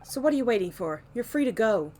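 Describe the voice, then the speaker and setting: A woman voicing a gruff, impatient male police detective in a game, curt and scolding. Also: on the high side, sing-song, quick pace, a little mellow, slight background noise. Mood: dismissive.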